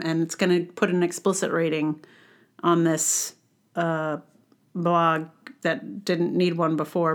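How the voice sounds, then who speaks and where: A woman's voice: lowish voice, fairly bright tone. A woman hosting a casual book review monologue, ranting with sarcastic passion and wry asides. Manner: wry, conversational with fillers. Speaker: podcast host reviewing a book.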